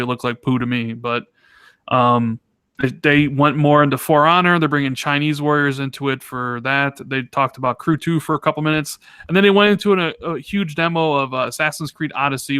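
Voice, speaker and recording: A man co-hosting a casual gaming podcast, talking in an animated, exasperated, ranting way. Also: a little high, smooth, dry recording, studio quality. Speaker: podcast co-host.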